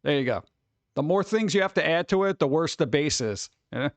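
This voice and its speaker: A New York man chats casually with his stream chat, rambling with many restarts and mimicking people in quotes. His fairly high voice is animated and brisk, with no room sound.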